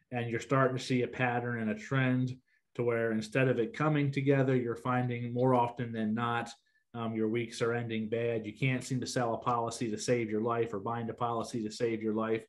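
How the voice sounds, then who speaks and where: A man hosting a podcast, explaining steadily and steering the conversation. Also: mid-range voice. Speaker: podcast host. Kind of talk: casual podcast talk.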